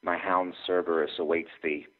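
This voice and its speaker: A man voicing a menacing male dragon, lord of the underworld, in slow, ominous pronouncements. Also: low voice, flat delivery, natural voice. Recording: tinny phone line.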